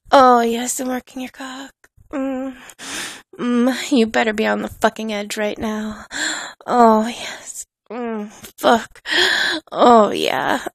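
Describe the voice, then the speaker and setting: Slow, gravelly, teasing dominant woman. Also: a little high, no echo. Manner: teasing, commanding, with soft laughs. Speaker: audio role-play performer. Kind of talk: dominant adult audio role-play.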